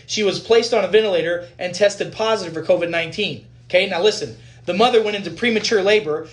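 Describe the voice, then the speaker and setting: A physician giving a heated, blunt and profane rant to viewers, repeating points for emphasis. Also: mid-range voice.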